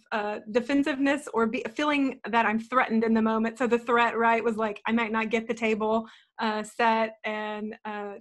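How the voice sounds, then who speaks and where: A woman's voice: on the high side, fairly bright tone. A woman in her thirties talking earnestly on a panel, telling a personal story with many filler words. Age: 30s. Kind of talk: panel talk.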